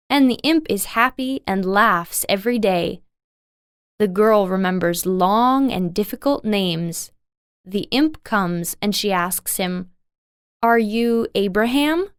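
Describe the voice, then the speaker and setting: A woman's voice: medium pitch, slow, clear, resonant tone, no echo, clean studio sound. A woman narrating a folk tale in a simple, carefully paced storybook reading. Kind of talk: slow scripted storybook narration.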